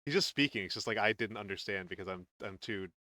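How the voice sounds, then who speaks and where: A man's voice: on the low side, quick pace, sharp tone, no echo. Rambling man chatting on a stream. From northern region. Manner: rambling, many fillers and restarts. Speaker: streamer and host. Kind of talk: casual chat on a painting stream.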